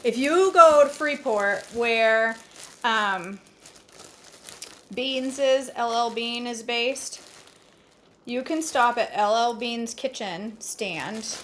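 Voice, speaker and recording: A woman's voice: fairly high pitch, slow, fairly bright tone, a little hiss or hum. A woman hosting a casual cooking vlog from her home kitchen, chatty, folksy and joking. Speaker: vlog host.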